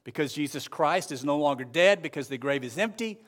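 Earnest higher-voiced male preacher. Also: lively intonation. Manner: earnest, measured preaching with slow emphatic phrases. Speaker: pastor. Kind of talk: sermon.

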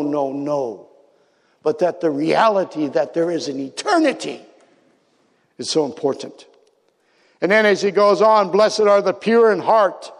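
A man's voice: a little high, big-room sound. A man preaching a sermon as a pastor, telling stories in a reflective way and dropping to near-whispers for emphasis.

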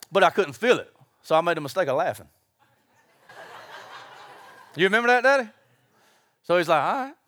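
A man preaching a sermon, telling stories with acted-out voices and lively delivery. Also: fairly high pitch, no room sound, clean studio sound. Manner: animated storytelling with acted-out voices.

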